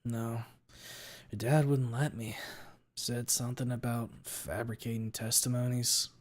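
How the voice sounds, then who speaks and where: Brief: gruff young tailed creature guy, swears casually, measured pace, man voicing him during a read-aloud. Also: mid-range voice, flat delivery, close to an everyday voice. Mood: subdued. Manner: growling, blunt, swears casually.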